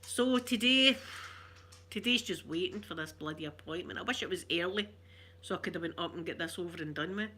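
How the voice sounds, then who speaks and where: A woman with a Glaswegian Scottish accent chatting casually, a rambling storyteller who laughs often and slips into soft asides. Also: on the low side, fairly quick, husky. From Glasgow, Scotland. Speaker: ASMR vlogger. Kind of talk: casual chat.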